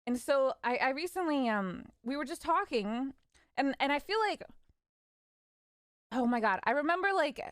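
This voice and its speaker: Young woman streamer telling animated stories. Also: high voice, normal speed, long pauses, no room sound, studio quality. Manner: animated, laughing, quotes parents in voices. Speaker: vtuber streamer. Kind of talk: casual storytelling.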